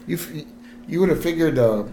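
A man's voice: fairly high pitch, animated, a little fast, dark tone, roomy sound, slight background noise. A man co-hosting a podcast, chatting casually about a cartoon episode and adding side questions and asides. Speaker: podcast co-host. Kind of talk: casual episode recap chat.

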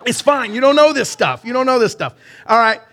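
A man preaches to his church with a high, ringing voice. He jokes with the congregation, calls for answers and sings short snippets of songs, speaking with a bright edge. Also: fairly quick. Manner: lively, banters with the congregation and sings song snippets. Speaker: pastor. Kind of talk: live sermon. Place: church sanctuary.

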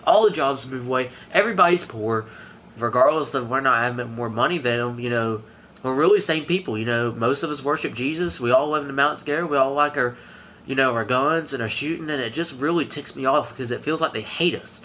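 A young man from the Southern US mountains, crying as he talks haltingly and repeats himself in an emotional personal testimony. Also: mid-range voice, bright, forceful tone, slight background noise. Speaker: interviewee.

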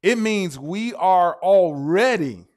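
Slow, emphatic preacher, man. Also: high voice, expressive, a little mellow. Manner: emphatic, drawn-out stresses on single words; spells out words letter by letter. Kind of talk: sermon.

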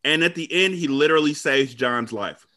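A man hosting a podcast, with a deep voice, recapping a film in casual, profane, rambling chat. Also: moderate pace, bright, forceful tone. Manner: profane, rambling, retelling scenes. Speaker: podcast host. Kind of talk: casual movie-review chat.

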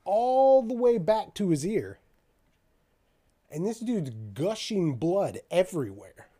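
Speaking slowly in a high voice, a young man tells a meandering, foul-mouthed story during a casual chat. He animatedly voices the other characters' dialogue himself.

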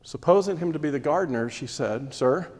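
A man preaching a sermon, expounding scripture and dropping to hushed emphasis at key points. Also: fairly high pitch, animated, fairly quick, long reverb tail. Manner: expository preaching, voices Mary's distress, drops to hushed emphasis.

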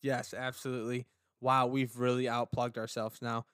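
A man's voice: mid-range voice, little pitch movement, normal speed, a bit bright, clear, resonant tone, no room sound. A man co-hosting a casual podcast, joking and rambling playfully on a close mic. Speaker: podcast co-host.

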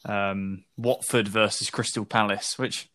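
Bright-voiced hesitant co-host. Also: male voice, fairly low pitch, fairly even intonation, measured pace, no room sound. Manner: hesitant, self-deprecating. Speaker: podcast co-host. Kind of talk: casual chat.

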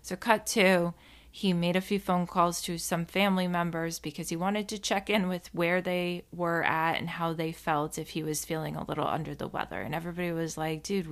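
A woman's voice: on the low side, fairly bright tone. A woman giving a casual self-help monologue, candid and chatty, swearing now and then and drifting into side stories while she talks straight to the listener. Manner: speaks to the listener directly with frequent "right?" and "like".

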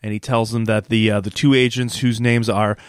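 A man's voice: fairly low pitch, level tone, a little fast, smooth, no echo, studio quality. A man co-hosting a casual podcast, rambling through an episode recap, laughing often and restarting his sentences. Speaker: podcast co-host.

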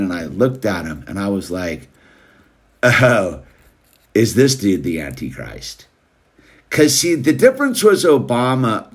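A man hosting a show, rambling casually in a laid-back way and calling listeners "dude.". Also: medium pitch. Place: California.

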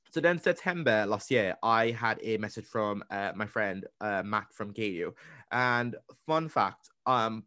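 A man's voice: on the low side, no echo. Young guy rambling on his podcast, acts out quotes, dry close mic. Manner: animated storytelling, acting out quotes with restarts. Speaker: podcast co-host. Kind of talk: casual interview chat.

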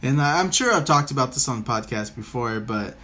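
A man's voice: medium pitch, lively intonation, brisk, sharp tone. A man hosting a podcast, telling a rambling story in casual chat and swearing freely. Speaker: podcast host.

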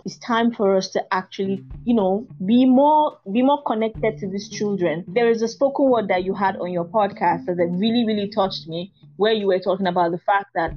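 A woman hosts a podcast interview, heartfelt and openly emotional as she thanks her guest. Her pitch is ordinary for a woman. The sound is dull and lo-fi, with quiet music in the background. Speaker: interview host.

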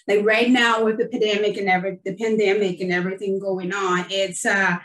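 A woman's voice: medium pitch, flat delivery, a little fast, a bit bright. A woman nurse hosting an online interview show, talking casually and effusively with many fillers. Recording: roomy, distant from the mic.

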